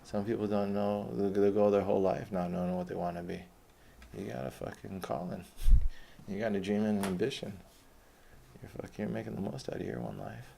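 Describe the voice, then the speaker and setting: Podcast host, male, young adult: low gravelly voice, loose profane rambling, slight room noise. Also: fairly even intonation, a little fast, warm tone. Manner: rambling, heavy swearing, laughs often.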